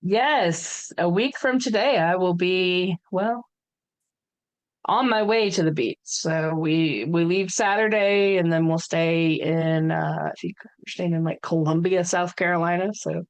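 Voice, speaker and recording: Thirtysomething woman co-hosting a podcast, lowish voice, rambly, lots of likes and ums. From United States. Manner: rambling, many fillers and restarts. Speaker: podcast co-host. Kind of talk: casual chat.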